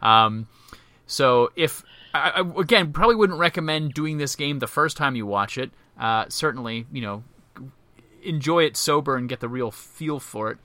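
A man hosting a podcast, leading the conversation with easy questions. His voice is bright and forward, and the recording is dry and close. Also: medium pitch, animated, moderate pace, no room sound. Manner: leads the discussion, asks questions. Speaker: podcast host. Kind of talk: casual chat.

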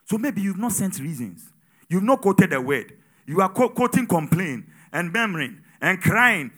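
A man preaching a sermon with call-and-response, swinging between loud exhortation and quiet asides. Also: high-pitched, big pitch swings, normal speed. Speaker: pastor.

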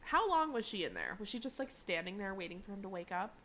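A woman's voice: mid-range voice, very animated, quick pace, fairly bright tone, slight background noise. A woman co-hosting a podcast, recapping an episode in a chatty, giggly way with lots of fillers. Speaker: podcast co-host.

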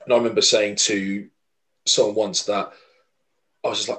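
A man's voice: on the low side, level tone, normal speed, a bit bright, rough recording. A man co-hosting a podcast, talking earnestly in a rambling way with many fillers and restarts. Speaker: podcast co-host. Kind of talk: casual podcast chat.

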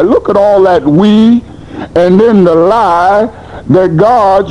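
A man preaching a sermon in a blunt, colloquial manner, swinging between high and low in animated bursts. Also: slow pace, highs cut off. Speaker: pastor.

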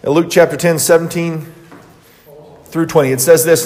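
A man's voice: on the high side, expressive, a little slow, long pauses, a little mellow. Man teaching the Bible in an echoing hall. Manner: conversational, many fillers and restarts. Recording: long reverb of a hall.

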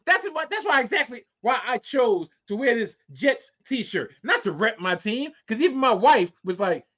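A man's voice: very high voice, lively intonation, normal speed, hardly any pauses, bright, forceful tone. A man in his forties hosting a solo podcast, ranting with a lot of profanity. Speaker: podcast host. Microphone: close to webcam. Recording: dull lo-fi sound.

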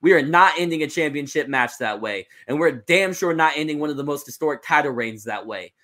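A man's voice: on the high side, expressive, a little fast, sharp tone. A man voicing a stern wrestling boss. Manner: firm, laying down the law. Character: stern male wrestling authority figure.

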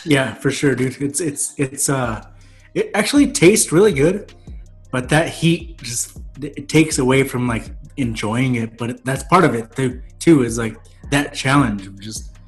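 A man chatting on a video call, excitable, often stammering and restarting his sentences. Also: mid-range voice, unhurried, soft background music. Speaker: guest. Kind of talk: casual chat on a video call.

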